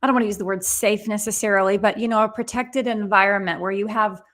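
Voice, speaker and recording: Woman host, mid pitch, thoughtful, hedges her questions. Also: steady tone, quick pace, a bit bright. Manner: thoughtful, hedging. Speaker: interview host. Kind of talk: interview conversation.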